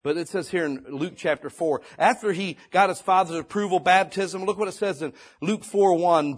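Husky-voiced male pastor preaching. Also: fairly high pitch, normal speed. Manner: conversational preaching, building to emphatic exhortation. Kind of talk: sermon.

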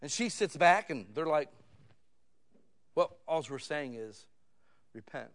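A male pastor preaching a sermon in a conversational style, dropping to low asides and rising to loud, pleading emphasis. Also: lively intonation, slow pace.

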